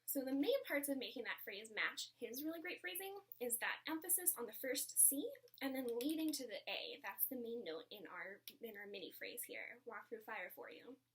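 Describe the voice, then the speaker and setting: A woman's voice: on the high side, expressive, brisk, distant mic. A woman teaching a clarinet lesson in an upbeat, encouraging way, now and then dropping to a whisper. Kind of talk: music lesson explanation.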